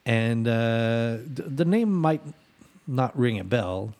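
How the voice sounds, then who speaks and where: A man's voice: mid-range voice, expressive, takes it slowly, darkish tone. A man hosting a podcast, talking in an easygoing way with many filler words. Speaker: podcast host. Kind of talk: casual chat.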